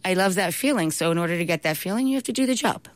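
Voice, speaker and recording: Woman, interview guest, animated storyteller, laughs a lot, dry close sound. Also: lowish voice, rapid-fire, dry recording. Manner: animated, laughs often while telling stories. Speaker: guest, talk show host and cookbook author.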